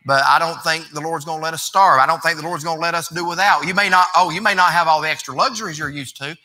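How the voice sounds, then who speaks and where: A man's voice: fairly high pitch, fast, sharp tone. A man, preaching a sermon as pastor in a folksy, conversational way that rises to emphatic preaching.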